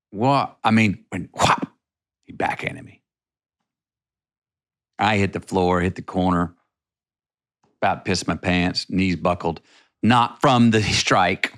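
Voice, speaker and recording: A man's voice: sits low, takes it slowly, pauses often, fairly bright tone. A middle-aged man from Texas, a podcast guest telling a personal story in a rambling, vivid way with many restarts.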